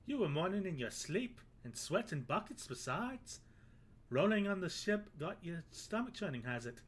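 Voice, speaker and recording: A man's voice: high voice, very animated, moderate pace, voice pushed up. A man voicing a chatty bearded male sailor peddler in a video game, with an exaggerated put-on Irish accent and folksy rustic phrasing. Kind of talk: reading game dialogue aloud.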